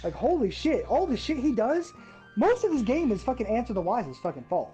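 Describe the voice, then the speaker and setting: A woman with a mellow, warm voice rants in a casual gaming chat and swears constantly. She talks with fired-up, animated disbelief. Faint music plays behind her. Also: fairly high pitch, brisk. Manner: profane, ranting, animated. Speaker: gaming podcast host.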